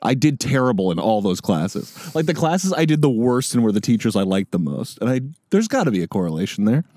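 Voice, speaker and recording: A man's voice: medium pitch, very animated, a little fast, mellow, no echo, studio quality. A man co-hosting a podcast, rambling through a self-mocking anecdote in casual chat. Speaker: podcast co-host.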